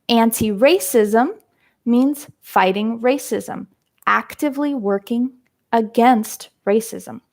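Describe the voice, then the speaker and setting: A woman teaching English vocabulary in a live-streamed lesson, explaining terms step by step. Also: fairly high pitch. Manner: slow, explains terms step by step, frequent "um" and "right?".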